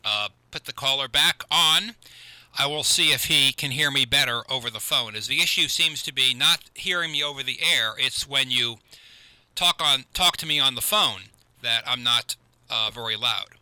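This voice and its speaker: Radio host guy, very bright sharp voice, earnest, keeps restarting, close mic. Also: medium pitch, normal speed, smooth, rough recording. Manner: earnest, repeats himself, lots of restarts. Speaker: radio call-in show host. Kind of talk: live call-in radio chat. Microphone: close studio microphone.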